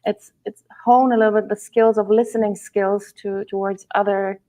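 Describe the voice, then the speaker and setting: A woman's voice: mid-range voice, level tone, normal speed, mellow. A woman hosting an interview over a video call, asking hesitant questions and often murmuring agreement. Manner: attentive, frequent backchannel, hesitant questions. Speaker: interview host. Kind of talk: conversational interview.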